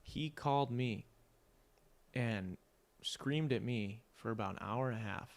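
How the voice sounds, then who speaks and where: A man's voice: medium pitch, measured pace. A young man hosting a podcast, telling a story in a casual, profane, rambling way with constant "like" fillers. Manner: profane, rambling, heavy use of "like". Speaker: podcast host.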